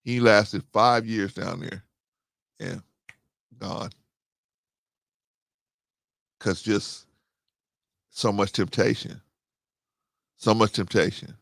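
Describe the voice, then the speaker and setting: Gravelly-voiced man telling a story. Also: lowish voice, fairly even intonation, slow pace, long pauses, fairly bright tone, no room sound. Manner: storytelling, acts out quoted dialogue; repeats phrases for emphasis. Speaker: host. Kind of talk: casual monologue to camera.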